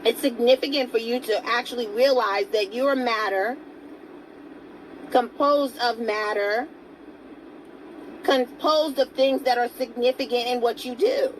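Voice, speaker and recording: A woman's voice: on the high side, measured pace, long pauses, a little hiss or hum, poor audio. Earnest, coaxing motivational woman vlogger. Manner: earnest, coaxing, asks viewers direct questions; greets viewers by name mid-talk. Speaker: self-help vlogger. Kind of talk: motivational talk to camera.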